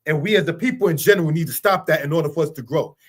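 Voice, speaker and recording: Racing through his words in a voice on the high side, a middle-aged man teaches Torah. He is earnest and repetitive, peppering the monologue with rhetorical questions.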